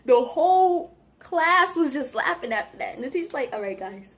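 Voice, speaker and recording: A young woman casually telling a story to the camera, slangy and animated, acting out what people said. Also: sits high, moderate pace. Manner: animated, slangy, acts out quotes. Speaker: vlogger.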